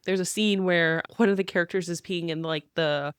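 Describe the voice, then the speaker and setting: A woman co-hosting a book podcast, chatting in an animated way and laughing often. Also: lowish voice, brisk, clear, resonant tone, no room sound, clean studio sound. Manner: animated, laughs often, quotes people in voices. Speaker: podcast co-host. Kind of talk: casual chat.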